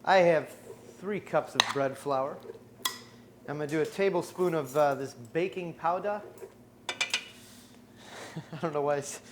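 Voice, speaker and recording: A man with a slightly higher voice hosts a cooking demonstration from a studio kitchen. He explains each step in an upbeat, joking way, with a faint murmur of background noise. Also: measured pace, pauses often. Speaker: cooking show host.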